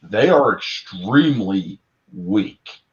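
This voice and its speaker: A man in his thirties recounting a monster movie in casual chat, excitable and profane, acting out characters in voices. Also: lowish voice, slow. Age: 30s. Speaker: podcast panelist. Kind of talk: casual film discussion. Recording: dull lo-fi audio.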